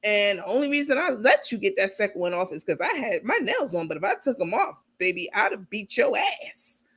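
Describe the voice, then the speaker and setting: A woman hosting casual comedic commentary, animated, playful and profane. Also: medium pitch, brisk, breathy edge. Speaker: host.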